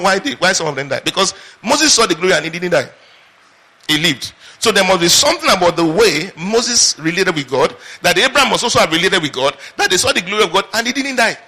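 A man preaches with a high, bright voice that carries a husky edge. He keeps throwing questions out to the congregation and waiting for them to answer. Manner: call-and-response questions to the congregation. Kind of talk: sermon.

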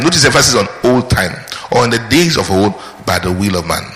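A man's voice: lowish voice, animated, fast talker, a bit bright. A man preaching a sermon, repeating his key points and asking the congregation questions. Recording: echoey hall with long reverb.

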